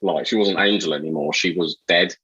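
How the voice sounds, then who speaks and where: A man co-hosting a film podcast in casual chat, animated and incredulous, swearing freely. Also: low-pitched, a little fast, highs cut off, crowd noise. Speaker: podcast co-host.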